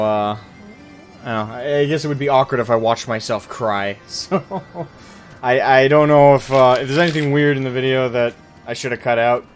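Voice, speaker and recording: A man streaming a video game, chatting casually and thinking aloud, with lots of fillers and restarts. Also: medium pitch. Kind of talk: casual gameplay stream chat.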